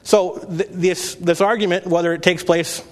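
A man's voice: high-pitched, little pitch movement, moderate pace, a little mellow. A man in his thirties, a pastor giving an earnest, conversational sermon with frequent restarts. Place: church sanctuary. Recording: long reverb of a hall.

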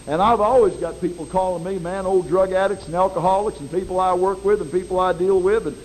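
A middle-aged man preaching a sermon in a folksy, animated way, with dramatic swings in his voice. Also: high voice, a little fast, a little hiss or hum, poor audio.

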